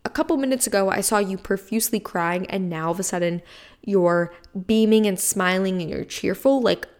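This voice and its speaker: A woman voicing a puzzled adult male maintenance man, asking bewildered questions in her own lightly creaky voice. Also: mid-range voice, a little fast, darkish tone, natural voice.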